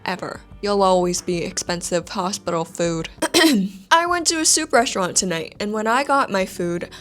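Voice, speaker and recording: A woman reads online posts aloud in a casual, chatty way, breaking off to react. She laughs a lot, her voice leaps up high when something surprises her, and she drops sarcastic, sweary asides. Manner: animated, laughs often, squeals in high bursts when excited.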